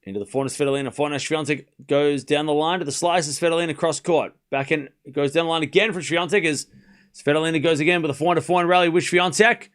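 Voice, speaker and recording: A man hosting a live tennis watchalong, giving informal play-by-play that rises to excited shouts on big points. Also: on the high side, quick pace. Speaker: host calling a live watchalong stream.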